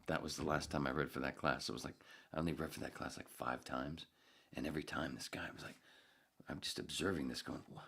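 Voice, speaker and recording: A man hosts his own podcast, spinning a loose, foul-mouthed anecdote. His voice sits very low with a rough, gravelly fry. Now and then he jumps into a squeaky voice to quote the kids. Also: animated, fast talker. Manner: gravelly, swears often, jumps into squeaky voices when quoting. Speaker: podcast host. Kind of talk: casual profane storytelling.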